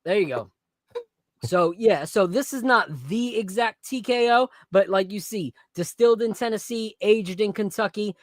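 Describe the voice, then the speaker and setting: A podcast host in casual chat about basketball and whiskey, blunt and animated, with plenty of slang. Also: mid-range voice, normal speed, dry recording, studio quality.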